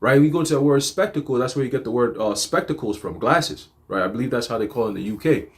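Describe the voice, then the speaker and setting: Guy preaching on a livestream, street-casual and emphatic, mid pitch. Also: animated, fast. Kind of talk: livestreamed teaching.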